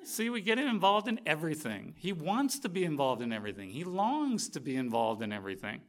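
A middle-aged man preaching a sermon, telling a story with lively, animated energy and acting out the quotes. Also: on the high side, brisk.

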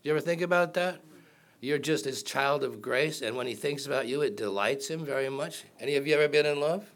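A man's voice: medium pitch, brisk, a bit bright. A man preaching a sermon in a conversational way, asking the congregation questions and cracking jokes. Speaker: pastor.

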